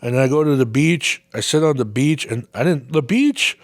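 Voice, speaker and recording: A man hosting a podcast, rambling through a story in a casual, heavily profane way, acting out his own reactions. His voice sits at an ordinary middle pitch, recorded close and dry with no room sound. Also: moderate pace, no echo. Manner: swears constantly, lively anecdotes with exaggerated quoted reactions. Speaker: podcast host.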